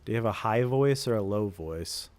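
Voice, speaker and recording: A man's voice: fairly low pitch, animated, moderate pace, darkish tone. A man streaming casually, bantering with his chat and joking at his own expense.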